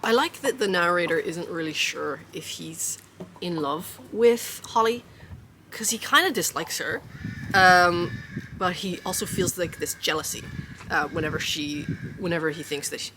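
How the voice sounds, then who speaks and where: A woman's voice: on the low side, normal speed, background noise. A young adult woman chatting casually about books as a vlogger, with many fillers and frequent laughs. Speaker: book vlogger. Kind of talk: casual book chat.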